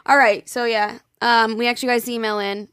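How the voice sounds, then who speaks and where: A woman's voice: fairly high pitch, little pitch movement, brisk, a bit bright, smooth, no echo, studio quality. A woman co-hosting a casual podcast, reading listener emails aloud and chatting, swearing freely and laughing often. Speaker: podcast co-host.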